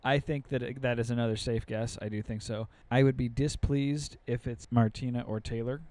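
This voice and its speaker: A man's voice: mid-range voice, fairly even intonation, normal speed, warm tone. A man hosting a casual podcast chat, easygoing, laughing often and running through lists of nominees. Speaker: podcast host.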